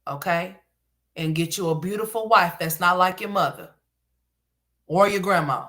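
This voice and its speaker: A woman's voice: lowish voice, moderate pace, long pauses, sharp tone. A woman giving livestream commentary, ranting bluntly with lots of profanity.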